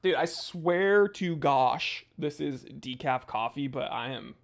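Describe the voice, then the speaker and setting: A young man hosting a casual livestream, reading viewer comments aloud in a goofy, jokey way with sudden loud outbursts. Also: on the high side, lively intonation, slow pace, gravelly. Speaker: watch channel host.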